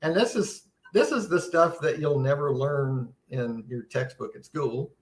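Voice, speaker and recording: A man presents a casual seminar live, his voice sitting at an ordinary middle pitch. He talks earnestly and with a sense of wonder, restarting phrases as he goes. The room around him rings noticeably. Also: a little slow, echoey room. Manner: earnest, wondering, conversational teaching with frequent restarts. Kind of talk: casual live-stream Bible seminar talk.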